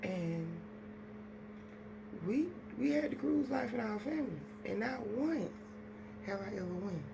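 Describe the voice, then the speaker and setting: Woman vlogger, gravelly voice, rambling casual chat, noisy home recording. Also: a little high, animated, unhurried. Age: adult with children. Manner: rambling, chatty, talks straight to viewers.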